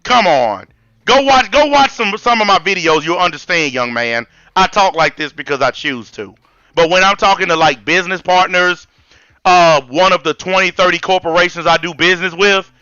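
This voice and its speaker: A man's voice: high voice, moderate pace, bright, forceful tone, clear, resonant tone, no room sound, lo-fi sound. A man in his forties with a Southern US accent, hosting a live-stream debate and ranting bluntly with heavy profanity. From American South. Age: 40s. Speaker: channel host.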